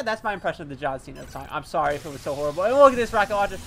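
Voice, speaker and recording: A gaming channel host giving excitable live gameplay commentary, swearing and mocking themself. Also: mid-range voice, very fast, vocal fry, hardly any pauses.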